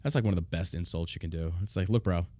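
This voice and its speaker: A man's voice: sits low, very fast, warm tone, no room sound. A man hosting a show, ranting bluntly and profanely in a casual, heated way. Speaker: show host. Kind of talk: casual political rant.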